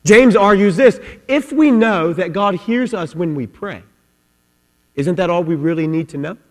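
High-voiced impassioned male preacher. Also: expressive, a little slow, long reverb tail. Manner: impassioned, repeats phrases, builds to rising fervor. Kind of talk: sermon.

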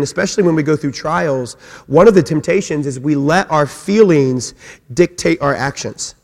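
A man preaching a sermon as pastor, emphatic, repeating his phrases and swinging between loud and soft. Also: fairly high pitch, moderate pace. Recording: long hall reverb.

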